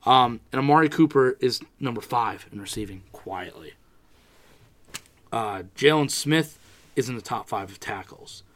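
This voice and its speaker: A man with a mid-pitched voice co-hosting a sports podcast. He rants in frustration and swears freely. The talk is loose and casual. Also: expressive, unhurried, fairly bright tone. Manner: profane, frustrated ranting. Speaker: podcast co-host.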